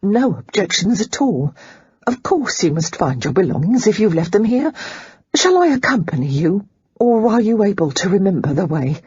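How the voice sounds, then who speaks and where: A nervous older housekeeper answers with hesitant, lowered deference, voiced by an audiobook narrator. The tone is breathy and husky. It is recorded dry and dull. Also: sing-song, moderate pace, a little mellow, no room sound. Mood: relieved. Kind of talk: audiobook character reading.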